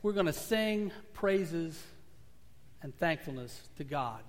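A man's voice: a little high, animated, slow pace. A man preaching a sermon in a church sanctuary, telling stories earnestly and swelling and dropping his volume. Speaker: pastor. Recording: long reverb of a church hall.

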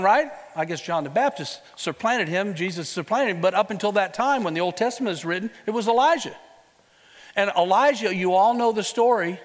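A man preaching a sermon, retelling a story with lively rhetorical questions and a casual, conversational way of talking. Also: high voice, long reverb tail.

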